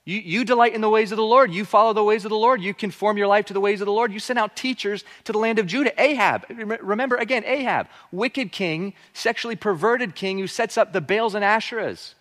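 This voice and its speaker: A man preaching a sermon on a Bible passage, animated, acting out the characters' voices as he goes. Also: high voice, fairly quick, hardly any pauses. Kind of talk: expository sermon. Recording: hall reverb.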